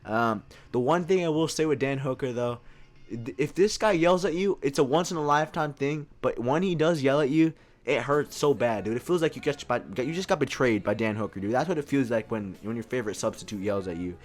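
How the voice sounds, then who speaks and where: A young man in his twenties riffs casually through a comic ranking. His voice sits in a middle pitch and he peppers every line with dude. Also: a little fast. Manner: casual, says dude constantly. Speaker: video host. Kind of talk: comedic tier-list commentary.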